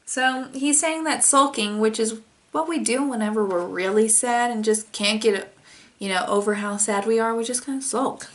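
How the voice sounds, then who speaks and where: A young woman who teaches toddlers, reading a picture book aloud and gently explaining feeling words. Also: on the high side, normal speed.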